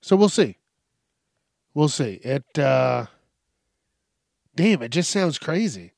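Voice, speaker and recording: A man's voice: mid-range voice, sing-song, takes it slowly, vocal fry, darkish tone, dry recording, clean studio sound. A tired man hosting a casual solo podcast late at night, rambling and swearing as he trails off and restarts. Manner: rambling, profane, self-interrupting. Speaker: podcast host.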